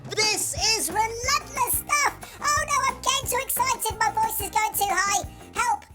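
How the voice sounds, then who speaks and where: A man voicing an overexcited male caster whose voice has shot up squeaky and panicky. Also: a little slow, pushed and bright, faint music behind, full character voice.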